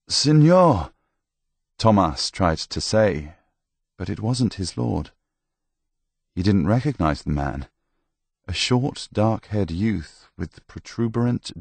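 A man reading a novel aloud in a measured, grave style. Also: deep voice, vocal fry, dry recording. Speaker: narrator. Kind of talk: scripted audiobook narration.

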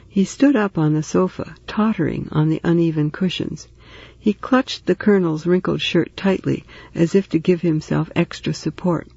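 A man reading a story aloud in steady, even narration. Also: fairly high pitch, vocal fry, slightly rough, dry recording, dull audio. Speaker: audiobook narrator. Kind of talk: scripted narration.

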